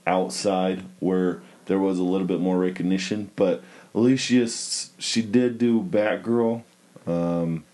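A man casually talking about a movie with friends, relaxed and rambling, with many fillers. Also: low voice, a little slow.

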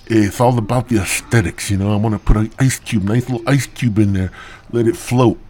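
A man's voice: lowish voice, fairly even intonation, a little fast, darkish tone, natural voice. A man voicing a self-important bartender who mumbles through missing teeth. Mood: smug. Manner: toothless mumbling speech. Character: gap-toothed male bartender, self-important.

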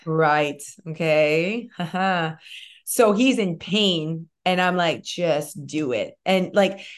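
A woman in her thirties, co-hosting a podcast in a casual chat, telling an animated, rambling story full of fillers. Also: on the low side, very slow. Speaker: podcast co-host.

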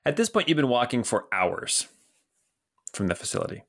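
A man's voice: medium pitch, huge pitch swings, normal speed, fairly bright tone. A middle-aged man narrating a tabletop game as game master, casual and rambling with many fillers.

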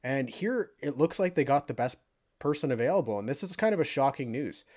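A man co-hosting a sports podcast, talking in a rambling, animated way with lots of fillers. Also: mid-range voice, a little fast. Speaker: podcast co-host. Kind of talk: casual sports chat.

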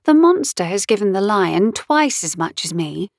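A woman's voice: mid-range voice, big pitch swings, moderate pace, creaky, dry recording. A woman voicing an indignant male unicorn in a storybook reading, complaining in a petulant way. The recording is dry and close.

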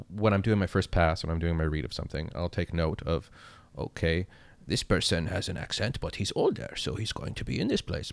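A man's voice: deep voice, creaky, no room sound. A male voice actor in casual conversation, talking animatedly and demonstrating as he explains his craft. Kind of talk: casual chat.

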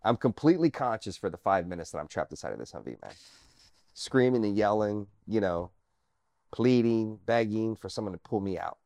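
A man with a low voice recounts his story as an interview guest, earnest and animated, sometimes sinking almost to a whisper. The sound is dry and close, with no room echo. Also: brisk, creaky. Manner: earnest, animated, drops to near-whisper at emotional points. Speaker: guest, army veteran.

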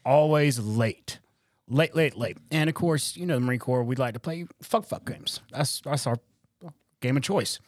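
A man's voice: medium pitch, normal speed, dry recording. A man who is a guest on a podcast, casually telling an old story in a dry, laid-back way. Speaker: guest, former Marine. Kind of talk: casual chat.

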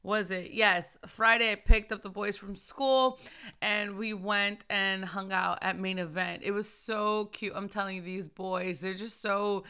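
Vrouw, dertiger, christelijke talkshowhost, heldere stem, glad, levendig. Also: female voice, medium pitch, a little slow, smooth. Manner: lively, laughs often, animated retellings. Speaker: host of a Christian ministry video show. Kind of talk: casual heartfelt chat. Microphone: microphone in front of her.

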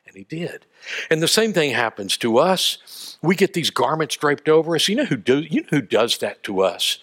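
A man preaching a sermon, telling stories with lively acted-out voices and asides. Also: medium pitch. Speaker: pastor.

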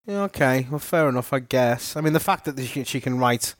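A man co-hosting a casual book podcast, relaxed and musing, with dry asides. His voice is mid-pitched and recorded close and dry. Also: a little fast, dry recording. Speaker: podcast co-host. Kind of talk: casual chat recapping a book.

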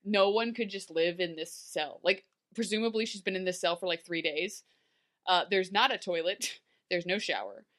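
A young woman with a lowish voice and a moderate pace co-hosts a podcast, casually recapping a TV episode amid lots of laughter. She is giggly and animated, quoting characters in mock voices.

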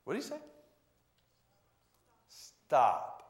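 A male pastor delivering a sermon in a church, preaching emphatically with sudden loud swells. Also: a little high, very animated, normal speed. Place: church sanctuary. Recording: echoey church room.

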